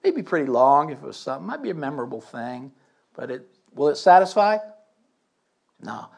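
A man's voice: fairly high pitch, big pitch swings, brisk, creaky, a little mellow, breathy edge. A man preaching a sermon, reading scripture aloud and breaking in with emphatic asides and questions to his listeners.

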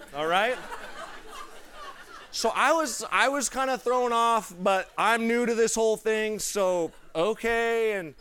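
Young male preacher, fairly high voice, lively storyteller who acts out each scene and drops to a hush. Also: clear, resonant tone. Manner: animated, acts out the people in his stories; laughs between lines, drops to a hushed tone for tender moments. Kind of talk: storytelling sermon.

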